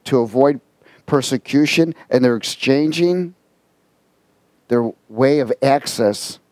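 A man preaching a sermon, telling stories with lively quoted voices and reading scripture aloud. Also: mid-range voice, slow, dry recording. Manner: animated storytelling with quoted voices. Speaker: pastor.

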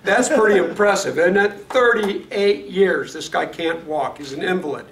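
A man's voice: fairly high pitch, fairly quick. Midwestern man teaching a Bible class. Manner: lively, asks the class questions, laughs often. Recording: echoey classroom from far off, noisy.

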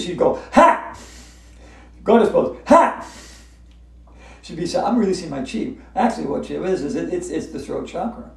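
A woman's voice: lowish voice, gravelly, mellow. Female yoga instructor, cheerful laughter-yoga delivery, heard from far off in an echoey hotel room. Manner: upbeat, chanting repeated breathing cues with bursts of laughter. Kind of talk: guided yoga class with laughter yoga.

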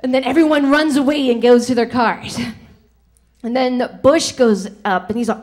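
A woman's voice: sits high, fairly even intonation, moderate pace, a little mellow. A woman comedian doing a stand-up set, giggling as she tells a joke and acts out voices.

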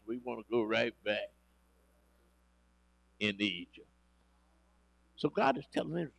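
A man preaching a sermon, animated and swinging between loud emphasis and quiet asides. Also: mid-range voice, normal speed, vocal fry, long pauses, no room sound. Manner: acts out quoted scripture speakers dramatically.

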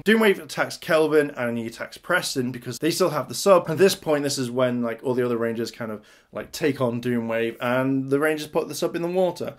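A man casually recapping and reviewing a TV episode, talking loosely with lots of "like" and "kind of". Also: mid-range voice. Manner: chatty, fills with "like" and "kind of".

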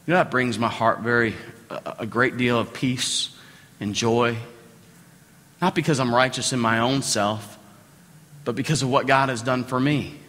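Bright-voiced Southern pastor preaching in a hall. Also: male voice, medium pitch, normal speed, long pauses. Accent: Southern American. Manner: conversational preaching, repeats phrases for emphasis, asks the congregation questions. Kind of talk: sermon. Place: church sanctuary. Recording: long hall reverb.

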